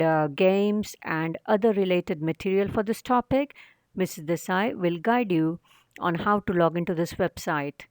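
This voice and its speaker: A woman's voice: medium pitch, a little mellow, no room sound. Patient woman teacher, dry close sound. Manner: patient, explains step by step with rhetorical questions. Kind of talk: recorded video lesson for children.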